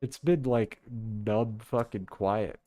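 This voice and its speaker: A man's voice: on the low side, slow, warm tone, dry recording. Guy hosting a live podcast, rambly and sweary, dry close mic. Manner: loose, profane and rambling, reads chat aloud. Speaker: podcast host. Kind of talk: casual live-stream chat.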